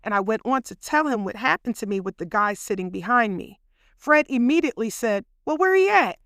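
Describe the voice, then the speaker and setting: A woman host casually telling a personal story, chatty and animated, speaking straight to her listeners. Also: medium pitch, a little fast, dry recording, clean studio sound. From Philadelphia.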